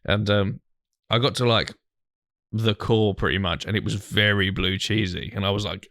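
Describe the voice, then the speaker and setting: A man's voice: fairly low pitch, fairly even intonation, moderate pace, a bit bright, dry recording, studio quality. A young man, co-hosting a podcast and telling rambling, sweary stories in casual banter. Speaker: podcast co-host.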